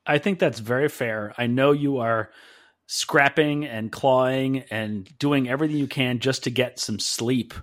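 A man's voice: medium pitch, a little slow, a bit bright. Opinionated, enthusiastic male podcast co-host. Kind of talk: casual podcast chat.

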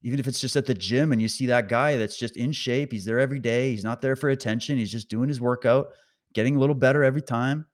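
A man's voice: medium pitch, fast. A middle-aged man, a podcast host, giving an emphatic motivational monologue that exhorts listeners and swears casually.

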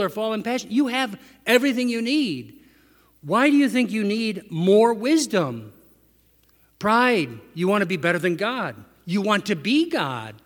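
This preacher's voice sits high with a fairly bright tone as he talks through his sermon conversationally, asking listeners rhetorical questions. Echoey hall reverb colors the recording.

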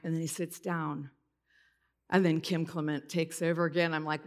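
A woman with a low-sitting voice speaks at a normal speed in a level tone. Preaching a conversational, heartfelt sermon in church, she tells a personal story with strong emotion and breaks into tears while retelling it.

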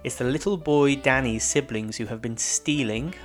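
Male podcast host, mid-pitched, matter-of-fact recap over faint music. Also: moderate pace. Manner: plain, matter-of-fact narration. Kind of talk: recapping a TV episode.

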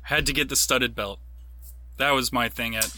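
A man's voice: medium pitch, steady tone, normal speed, a crowd in the background. A man co-hosting a podcast, telling stories casually with self-deprecating jokes.

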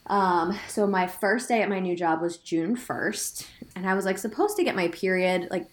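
A woman's voice: medium pitch, moderate pace. A woman in her thirties telling a personal story in a casual, chatty way, full of "like" fillers and quoting herself. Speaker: guest sharing her story. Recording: roomy echo.

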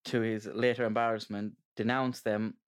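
Man, smooth clear voice, steady reading, casual chat. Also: lowish voice, moderate pace. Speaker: podcast co-host.

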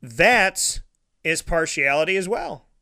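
A man's voice: on the high side, animated, slow pace, gravelly, pushed and bright. A man broadcasting a live sports talk show, ranting with heated sarcasm and lots of repetition.

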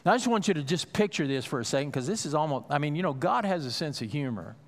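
A male pastor preaching a sermon, telling a story with acted-out dialogue and building to loud, emphatic peaks. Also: a little high, expressive, quick pace, big-room sound.

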